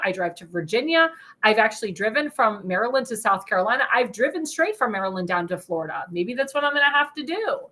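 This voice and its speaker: A woman's voice: sits high, sharp tone. A young woman hosting a talk show, ranting indignantly in an opinion monologue and speaking straight to her viewers. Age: young adult.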